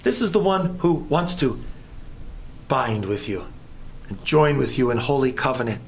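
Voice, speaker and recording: A man preaching an evening sermon, animated, his voice climbing high as he voices questions to God. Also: a little slow, gravelly, a little hiss or hum. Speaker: pastor.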